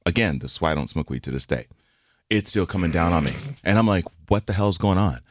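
In clean studio sound with no room tone, a man in his forties talks fast as he shares a funny story on a podcast he co-hosts. He performs the quoted voices animatedly, jumping widely in pitch.

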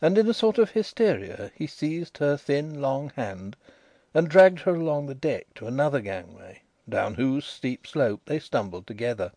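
Man reading a novel aloud, animated pitch, dry close recording. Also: normal speed, no room sound. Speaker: audiobook reader. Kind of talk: scripted narration of a novel.

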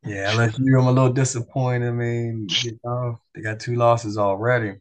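A man co-hosting a sports podcast in casual chat, measured and agreeable. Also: mid-range voice, flat delivery.

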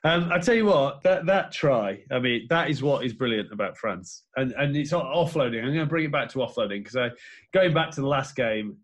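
A man's voice: mid-range voice, expressive, a little fast. Man breaking down rugby plays. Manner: detailed play-by-play analysis. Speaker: podcast co-host. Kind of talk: casual sports chat.

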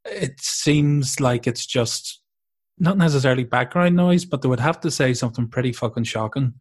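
A man's voice: mid-range voice, normal speed, breathy edge. A man in casual conversation who talks in a rambling, reflective way, hedging and restarting his sentences often. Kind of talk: casual chat.

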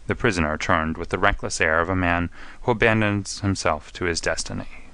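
Deep, crisp man reading a classic story. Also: bright, forceful tone, dry recording. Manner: measured, distinct reading with voices for each character. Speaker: audiobook narrator. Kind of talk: scripted narration of a classic detective story.

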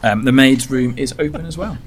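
A man running a tabletop horror game as game master, narrating slowly and hesitantly with many fillers. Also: mid-range voice, very noisy.

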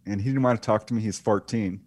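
A guest author and UFO researcher with a lowish voice is interviewed, telling a case story casually and quickly while acting out the voices of the people involved. There's no echo on the recording.

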